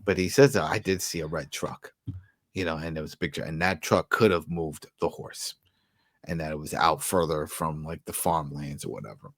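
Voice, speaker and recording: A man co-hosting a casual TV recap podcast, animated and acting out characters' lines. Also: a bass voice, moderate pace, no room sound, clean studio sound. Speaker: podcast co-host.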